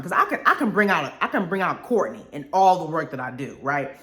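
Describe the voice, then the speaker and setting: A young woman hosts a casual live show, her voice swinging up and down with lively expression and quick laughs. She drawls friendly asides like honey and y'all to her viewers. The room around her rings with a noticeable echo. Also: mid-range voice. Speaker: radio show host. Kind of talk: casual live-stream chat reading viewer comments. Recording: roomy echo.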